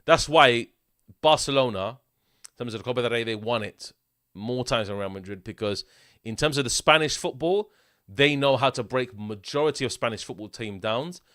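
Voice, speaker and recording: Lively man talking football. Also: mid-range voice, moderate pace, dry recording, clean studio sound. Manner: animated, repetitive, tags lines with "mate" and "yeah?". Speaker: football channel host. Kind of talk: casual football preview talk.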